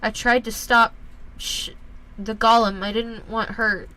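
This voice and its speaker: A woman voicing a frightened teenage boy who speaks softly and hesitantly, close to tears. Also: on the high side, level tone, a little slow, pitched above the performer's own voice, low-quality recording. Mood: shaky. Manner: hesitant, shaky, soft.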